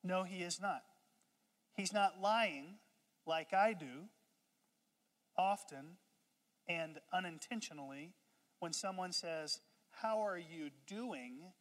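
A pastor preaching a sermon in a conversational way, calling on the congregation to repeat lines and breaking into lively asides. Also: slow, pauses often. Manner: conversational preaching with call-and-response; animated, jumps high in pitch and loudness for humorous asides. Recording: long hall reverb.

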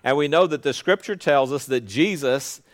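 A male pastor preaching a sermon in an earnest, conversational way that swells into loud proclamation. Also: medium pitch, moderate pace.

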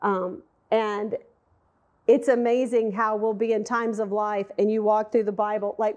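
A woman's voice: mid-range voice, little pitch movement, unhurried, darkish tone, muffled recording. A middle-aged woman giving an emotional, conversational sermon, speaking directly to her listeners. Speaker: women's Bible teacher.

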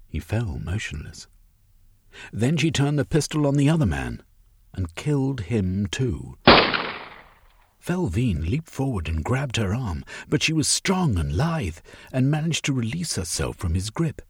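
A man reads a story aloud slowly, his pitch rising and falling expressively. His voice is husky and fairly low, with a dry, close sound. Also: dry recording. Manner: measured, expressive reading. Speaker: audiobook narrator. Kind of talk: storytelling narration.

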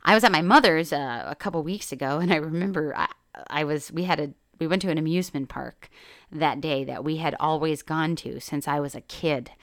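On her solo podcast, a woman who works as a life coach chats openly, laughing a lot and cursing without restraint. Her voice sits low, is slightly bright, and moves a little fast. The studio sound is clean, with no echo.

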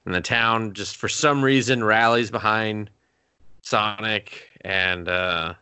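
A man in casual chat about a movie, joking and swearing in quick banter. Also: lowish voice, fairly even intonation, sharp tone, clear, resonant tone, no room sound. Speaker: podcast co-host.

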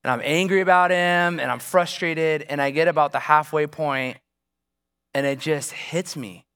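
A man's voice: on the high side, fairly even intonation, moderate pace, fairly bright tone, smooth. A man preaching as a pastor, telling a personal story in a conversational way and asking the congregation rhetorical questions. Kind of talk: sermon.

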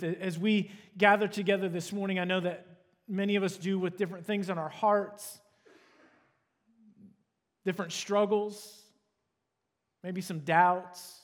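Brief: earnest middle-aged male pastor, sermon delivery, higher-pitched voice. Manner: earnest and prayerful.

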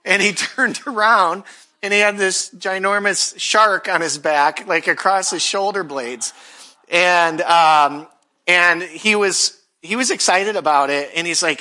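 Bright-voiced man preaching casually. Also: high voice, measured pace. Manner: conversational, self-deprecating, animated when quoting others. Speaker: pastor. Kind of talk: casual sermon with storytelling.

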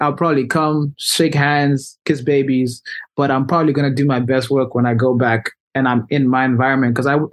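Young male guest, casual storyteller, loose and lively, average pitch. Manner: animated, loose, heavy use of "like". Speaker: musician guest.

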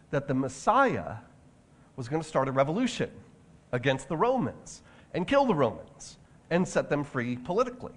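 Conversational preacher man with a higher voice. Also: slight background noise. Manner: conversational, with many restarts and asides. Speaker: pastor. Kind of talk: sermon.

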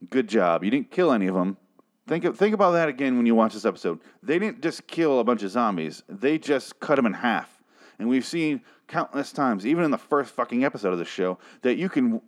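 A man recapping and ranting about a TV episode in a sarcastic, profane, exasperated way. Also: on the low side. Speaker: TV episode reviewer. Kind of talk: casual recap and rant.

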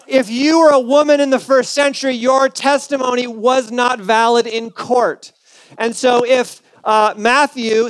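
High-voiced man preaching with easy humor. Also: no echo. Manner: conversational, humorous storytelling. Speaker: pastor. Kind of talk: sermon.

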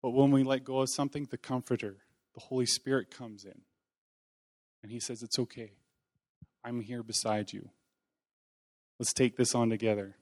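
A man speaking to a congregation in a relaxed, chatty way, as if talking with friends. His pitch sits in an ordinary middle range. He mixes gentle humor about himself into his preaching, and it comes across as unpolished and sincere. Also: moderate pace, long pauses. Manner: conversational, folksy, self-deprecating humor. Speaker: lay preacher. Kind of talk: informal sermon.

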